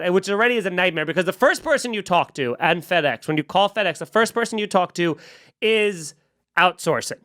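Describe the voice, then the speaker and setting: A young man hosting a podcast, telling a long story in casual chat, animated and profane, acting out the people in it. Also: high-pitched, brisk, no room sound, studio quality. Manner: animated, profane, acts out quoted exchanges. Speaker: comedian podcast host.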